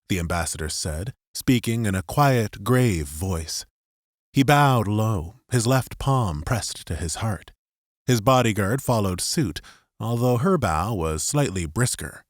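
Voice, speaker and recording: A man narrating a science fiction audiobook in an expressive scripted style, close to the mic. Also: on the low side, a little slow, no echo.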